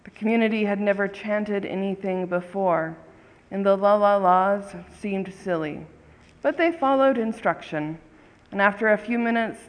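A storyteller narrating a tale in a measured, calm way. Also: mid-range voice. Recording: long hall reverb.

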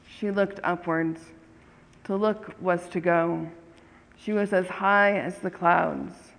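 A storyteller narrating a tale in a measured, calm way. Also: medium pitch, creaky. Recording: long hall reverb.

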